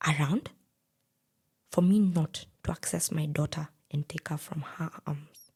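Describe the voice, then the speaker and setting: Husky gravelly Kenyan woman. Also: low-pitched. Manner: animated, quotes others in dialogue. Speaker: guest telling her story. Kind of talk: personal storytelling.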